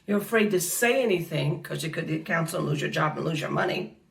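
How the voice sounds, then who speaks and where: A woman's voice: deep voice, animated, quick pace, gravelly, distant mic. A woman from the United States giving an impassioned faith talk at an awards event, preacherly and repetitive, calling listeners honey and baby.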